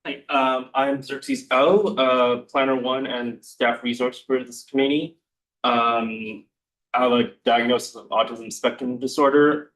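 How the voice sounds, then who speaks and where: A man's voice: medium pitch, fairly bright tone, low-quality recording. A man, a municipal planner, introducing himself briefly and matter-of-factly at a committee meeting.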